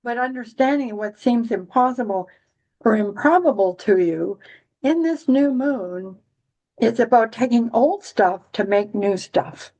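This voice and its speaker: A woman with a fairly high voice talks through astrology in a loose, rambling way. She stumbles and restarts often, slipping in dry jokes and little giggles as she goes. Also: expressive, darkish tone, dull audio. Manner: rambling, halting with many restarts. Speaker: astrology podcast host. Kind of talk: casual astrology chat.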